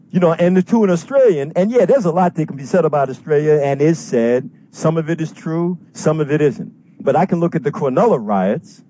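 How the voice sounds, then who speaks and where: A man rants to a talk show host in a heated, foul-mouthed stream, cursing in nearly every sentence. His voice sits a little high but has a mellow, dark tone. A faint noise hums behind him. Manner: profane, fired-up, heavy swearing. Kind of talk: heated call-in rant.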